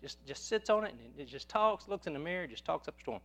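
A man's voice: a little high, big pitch swings, fast talker, fairly bright tone, pitched above the performer's own voice. Man voicing a pushy pet shop clerk in a pulpit joke, eager and insistent. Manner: eager, persuasive sales talk. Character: female pet store clerk, insistent saleswoman.

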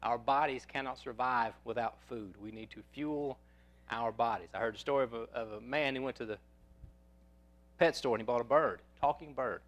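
A man's voice: medium pitch, normal speed. A man preaching a sermon, telling personal stories in a folksy way and often repeating words as he goes.

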